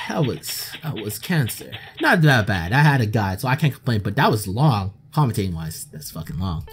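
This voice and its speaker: A man's voice: on the low side, big pitch swings, normal speed, hardly any pauses. A man commenting casually on a game he is playing, swearing often and sounding exasperated between reading lines. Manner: crude, swearing, exasperated asides. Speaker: let's play host. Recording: faint game music behind.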